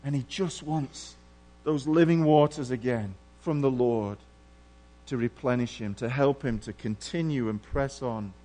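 A middle-aged man preaching a sermon earnestly, moving between hushed and emphatic passages. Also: mid-range voice, unhurried. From England.

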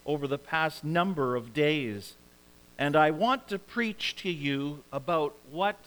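A male preacher delivering a sermon in a high-pitched voice. He speaks slowly and deliberately, pausing for weight between phrases as he reads scripture and explains it. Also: fairly bright tone, low-quality recording. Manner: slow, deliberate preaching with dramatic pauses.

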